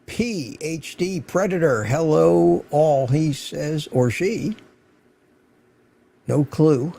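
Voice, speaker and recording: Gravelly older man hosting a livestream. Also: a little high, extremely slow, dark tone. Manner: rambling, chatty, greets viewers by name. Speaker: livestream host. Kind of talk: casual livestream chat. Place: home studio.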